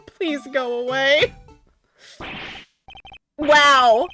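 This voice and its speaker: Giggly high-voiced woman streamer. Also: expressive, measured pace. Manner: giggly, reactive, swears. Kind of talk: casual gameplay commentary. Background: music.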